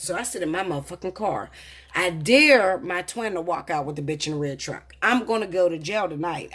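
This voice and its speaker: Husky, low-voiced woman telling a story. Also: a bit bright. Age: 30s. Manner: profane, heated, confessional. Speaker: tarot reader. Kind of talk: casual storytelling to camera.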